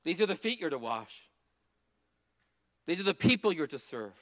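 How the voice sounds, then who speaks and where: A man preaching a sermon in a church, earnest, rising to emphatic passages and dropping to soft asides. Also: a little high, sing-song, normal speed, pauses often. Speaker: pastor.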